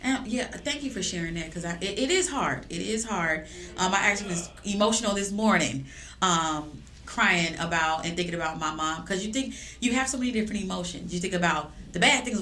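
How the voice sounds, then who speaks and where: A woman guest in a podcast conversation, speaking earnestly and affirmingly, jumping higher when she quotes herself. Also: expressive, fairly quick, bright, forceful tone. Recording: echoey room with faint noise.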